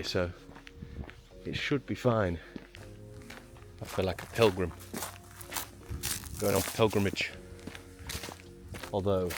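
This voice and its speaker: A man chatting to his camera while walking up to a shrine on a hillside trail, self-mocking and out of breath from the climb. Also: low-pitched. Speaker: travel vlogger. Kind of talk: walking travel vlog. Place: outdoors on a hillside trail and road.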